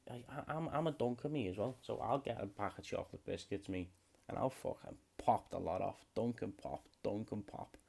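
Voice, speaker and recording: A man's voice: lowish voice, moderate pace, gravelly, darkish tone, slightly rough. A young British man hosting a solo comedy podcast, rambling freely and swearing a lot. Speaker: podcast host.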